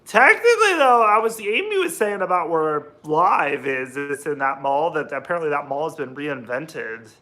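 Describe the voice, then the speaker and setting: A man's voice: a little high, lively intonation, moderate pace, few pauses, bright, forceful tone. A young American man chatting casually on a livestream while cooking, rambling and greeting viewers by name. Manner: rambling, chatty, reads out chat names. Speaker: livestream host.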